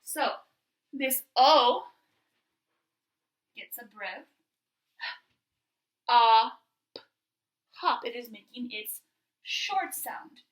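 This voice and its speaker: Female grade-school teacher, bright and slightly high, patient, enunciating for young children. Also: lively intonation, extremely slow, pauses often, low-quality recording. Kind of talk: remote classroom lesson.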